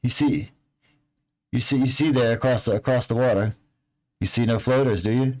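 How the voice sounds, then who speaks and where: A man's voice: medium pitch, moderate pace, a little mellow, pitched above the performer's own voice, natural voice, poor audio. A man voicing a shifty streetwise male hustler in a tabletop game, stammering and repeating himself with sly insistence. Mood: conspiratorial.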